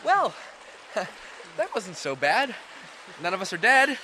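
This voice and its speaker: A man's voice: high voice, sing-song, takes it slowly, bright, forceful tone, full character voice. A man playing a badger-headed adventurer in a comedy audio drama, with a joking, breezy manner. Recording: noisy background.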